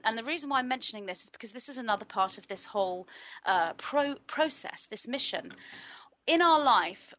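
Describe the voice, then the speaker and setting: A woman speaking as a spiritual interview guest, explaining in an earnest, flowing way with a deliberately trained, resonant voice. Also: a little high, fairly bright tone.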